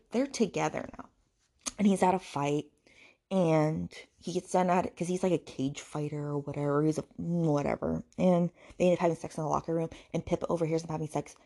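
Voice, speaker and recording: A woman's voice: fairly low pitch, vocal fry, warm tone. A woman hosting a book podcast, ranting sarcastically about a novel and swearing freely. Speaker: podcast host reviewing books.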